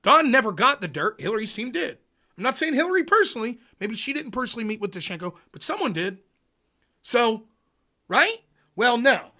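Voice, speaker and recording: High, bright, animated male ranter. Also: fairly quick. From United States. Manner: animated, profane ranting. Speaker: livestream host. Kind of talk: casual political chat.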